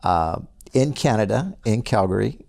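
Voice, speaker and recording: A man hosting a casual interview, relaxed and asking questions. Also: fairly low pitch, normal speed, vocal fry. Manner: relaxed, laughs along and asks questions. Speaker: host. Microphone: studio microphone.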